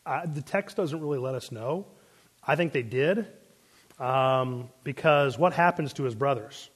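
Relaxed man teaching a Bible class. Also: medium pitch, measured pace, husky, big-room sound. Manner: conversational, with many fillers and pop-culture asides. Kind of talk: casual Bible class lecture.

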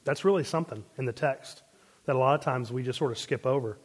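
Speaking fast in a mid-range voice, a man runs a casual Bible class in a space with a big-room sound. He's conversational and loose, answering the room's questions with plenty of fillers and pop-culture asides.

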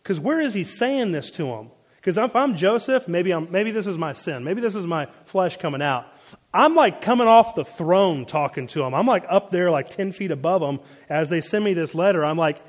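Relaxed man teaching a Bible class. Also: on the high side, normal speed, in a large hall. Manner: conversational, with many fillers and pop-culture asides. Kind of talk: casual Bible class lecture.

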